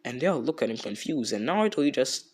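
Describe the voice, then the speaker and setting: A young man rambles through a fan story in a loose, slangy way, full of fillers and restarts. His pitch rises and falls a lot. The voice is in a normal male register. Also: very animated, fast talker, breathy edge. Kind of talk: casual fan-story retelling.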